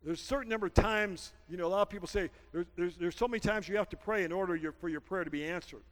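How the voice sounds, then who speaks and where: A man preaching a sermon as pastor, telling a story and rising to shouted peaks. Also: high voice, fast talker. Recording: church hall reverb.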